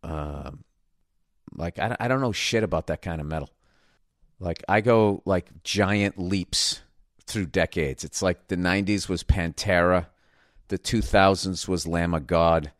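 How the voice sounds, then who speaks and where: Lower-voiced male podcast host, rambling and profane, close and dry. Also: measured pace, no echo. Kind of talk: casual comedic monologue.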